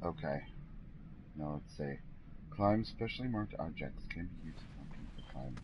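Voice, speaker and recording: A man's voice: a bass voice, lively intonation, measured pace, muffled recording, background noise. A man streaming a game, rambling and self-deprecating, exclaiming at what happens on screen. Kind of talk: casual gameplay commentary.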